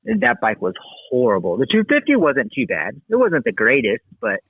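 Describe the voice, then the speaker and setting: Casting: easygoing male ex-racer guest, mid-pitched voice, dry and tinny phone-line sound. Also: moderate pace, creaky, husky, no room sound. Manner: relaxed, rambling, says "dude" and "like". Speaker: guest, former pro motocross racer. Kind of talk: casual storytelling interview.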